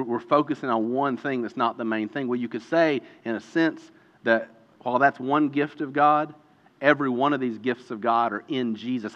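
A man preaching a sermon, animated and emphatic, with chatty asides and quick restarts between points. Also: mid-range voice. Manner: animated preaching with sudden loud emphatic peaks; chatty, self-deprecating asides with fillers and restarts. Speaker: pastor. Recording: muffled, with a long hall reverb.

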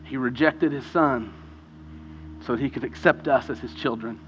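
A man preaching a sermon as pastor, impassioned and swinging between hushed and loud passages. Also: medium pitch, moderate pace, highs cut off, faint music behind. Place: church sanctuary. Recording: long hall reverb.

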